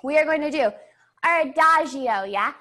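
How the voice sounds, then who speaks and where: Breathless upbeat ballet teacher counting aloud. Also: female voice, high voice, lively intonation, moderate pace, bright, forceful tone. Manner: encouraging, counts beats aloud, checks in with "yeah?". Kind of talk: online dance class instruction.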